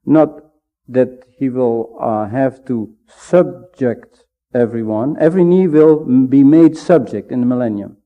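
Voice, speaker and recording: A man giving a measured, emphatic Bible teaching sermon, pausing often to stress his points. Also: mid-range voice. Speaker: preacher. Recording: dull lo-fi sound.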